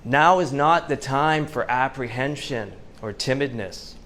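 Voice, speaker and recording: A Canadian man giving an inspirational talk to a live audience, telling stories with slow, dramatic pauses. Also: medium pitch, fairly bright tone. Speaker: motivational speaker. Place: event venue before a live audience.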